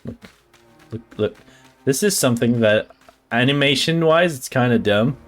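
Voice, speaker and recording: A man streaming a game, excitable and casual, swearing, stammering and humming to himself. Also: medium pitch, normal speed. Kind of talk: casual let's-play commentary. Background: faint game music.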